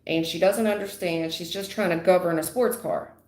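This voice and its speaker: A woman's voice: fairly low pitch, steady tone, moderate pace, darkish tone. A woman giving a live tarot reading in a blunt, emphatic, slangy way, repeating her points. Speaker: tarot reader. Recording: roomy echo.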